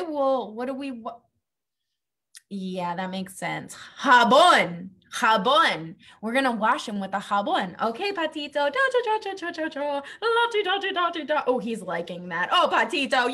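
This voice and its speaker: A woman's voice: high-pitched, sharp tone. A woman teaching a playful lesson for kids on a livestream, exclaiming and coaxing the children along.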